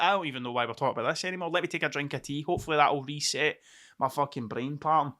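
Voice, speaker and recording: On his own podcast, a Scottish host rambles at a racing speed in a fairly high voice that sounds bright and forceful. It's a casual solo monologue, full of free swearing as he drifts between topics.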